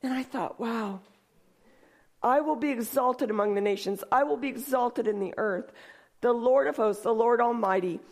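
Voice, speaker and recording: A woman leading a church service who reads scripture slowly, then preaches in a lively, chatty way and often laughs while speaking. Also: fairly high pitch. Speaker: church worship leader. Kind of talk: sermon.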